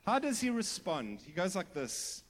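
Middle-aged pastor with a fairly high voice, preaching a chatty but earnest sermon. He goes quiet to land his points. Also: wildly swooping pitch, moderate pace. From South Africa. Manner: earnest preaching with sudden drops to hushed emphasis; conversational, with asides and restarts.

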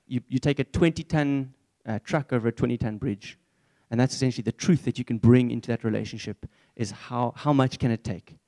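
A man's voice: mid-range voice, fairly quick, few pauses, mellow. A young man preaching a candid, conversational sermon in church.

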